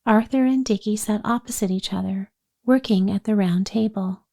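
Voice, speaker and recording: A woman's voice: mid-range voice, moderate pace, creaky, warm tone. A woman narrating a children's storybook aloud, giving the characters light voices in the dialogue. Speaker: audiobook narrator.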